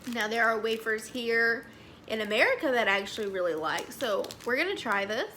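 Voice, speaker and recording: High bright chatty woman. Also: a little fast, a little hiss or hum. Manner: chatty, excitable, says "y'all". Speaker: vlogger reviewing snacks. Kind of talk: casual chat.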